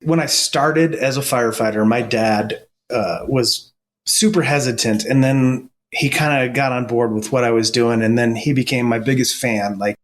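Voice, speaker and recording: Earnest middle-aged man telling stories. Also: medium pitch. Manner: earnest, halting with restarts. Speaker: firefighter and paramedic guest. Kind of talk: casual storytelling interview.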